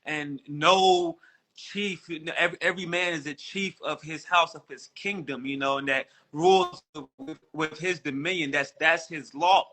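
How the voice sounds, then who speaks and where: A man's voice: fairly high pitch, normal speed, bright, forceful tone. A man in a casual chat rambling earnestly about spiritual ideas, leaning on lots of filler phrases. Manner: rambling and earnest, with many "you know" fillers.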